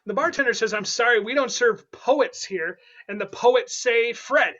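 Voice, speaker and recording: Host: high, bright-voiced man running an online improv game, playful, dull lo-fi call audio. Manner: playful, quick, laughing asides.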